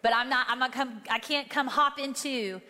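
A woman's voice: sits high, moderate pace, pushed and bright. A woman lead pastor co-preaching a sermon in an earnest, reassuring way. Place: church sanctuary. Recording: echoey church hall.

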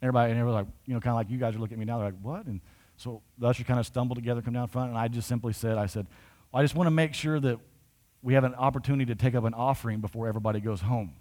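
A man's voice: medium pitch, fairly even intonation, racing, darkish tone. A man pastor telling a story in a conversational sermon, building to emphatic points.

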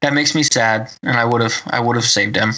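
A man's voice: medium pitch, moderate pace, sharp tone, poor audio. A man co-hosting a podcast in casual chat, rambling and circling back as he talks. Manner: rambling, full of fillers and restarts. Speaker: podcast co-host.

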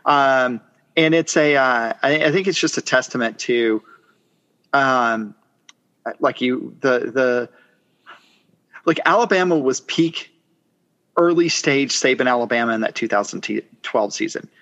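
A man's voice: mid-range voice, unhurried, pauses often, fairly bright tone, lo-fi sound. A man in casual sports chat, thoughtful and rambling with fillers. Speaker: podcast co-host.

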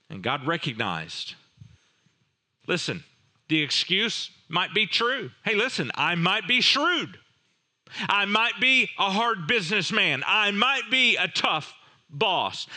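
A man's voice: sits high, sharp tone. A man preaching a sermon, retelling a parable dramatically with rhetorical questions and voiced characters. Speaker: pastor.

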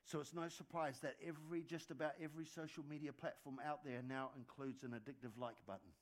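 Male pastor, fairly high voice, conversational sermon delivery with stacked repeats for emphasis. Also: steady tone. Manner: conversational preaching with quick asides and dad jokes; repeats words when building emphasis.

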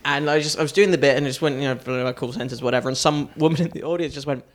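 Comedian rambling through a story. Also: male voice, mid-range voice, steady tone, racing. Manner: rambling anecdotal storytelling with frequent laughs. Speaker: stand-up comedian. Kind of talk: casual podcast chat.

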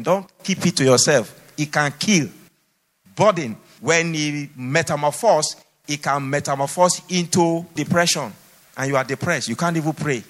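A man's voice: a little high, a bit bright. A man preaching a sermon in a church, exhorting his listeners with emphatic, repeated phrases. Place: church hall. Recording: long hall reverb.

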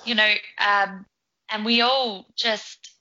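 A woman's voice: mid-range voice, steady tone, slow pace, bright, forceful tone. A woman who is a regular on a podcast, speaking in a casual, hesitant way with frequent restarts. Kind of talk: casual chat. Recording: lo-fi line.

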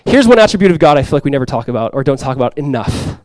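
A male pastor preaching a sermon to his congregation, swinging from loud, impassioned lines to quiet, soft ones. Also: mid-range voice, big pitch swings, rapid-fire, no room sound. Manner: impassioned preaching, swells loud for quoted cries then drops soft. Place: church sanctuary before a congregation.

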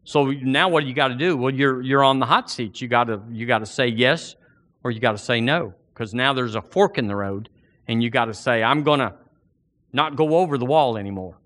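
Folksy preacher man, bright voice. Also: mid-range voice, a little fast. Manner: folksy, rambling, repeats words. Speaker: pastor. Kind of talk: sermon; fervent prayer.

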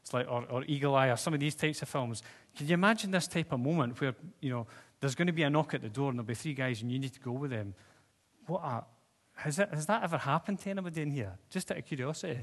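Speaking fast in a medium-pitched voice, a preacher delivers a conversational sermon, asking the congregation questions. The long reverb of a seated church hall colors the sound.

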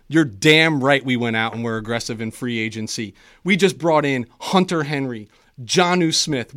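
A man's voice: fairly high pitch, fairly bright tone. A man delivering a fired-up, boastful football fan rant as a co-host on a sports talk show.

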